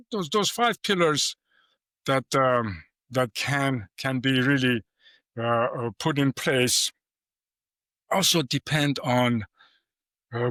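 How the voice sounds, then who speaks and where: Bright-voiced middle-aged man, animated talker. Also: medium pitch, no echo. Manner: animated storyteller, acts out quoted dialogue. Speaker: guest AI professor. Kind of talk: casual interview talk.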